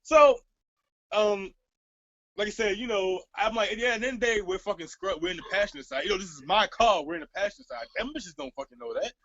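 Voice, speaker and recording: A man's voice: high voice, lively intonation, brisk, vocal fry, fairly bright tone, highs cut off. A man telling a rambling, profane story in casual chat, laughing as he goes.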